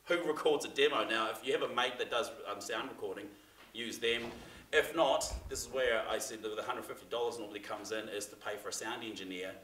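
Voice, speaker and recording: A man's voice: mid-range voice, brisk, pushed and bright, a little hiss or hum. A man giving a casual, chatty talk to a class, full of fillers and restarts. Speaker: seminar presenter. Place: theatre room. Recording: echoey room, mic from far off.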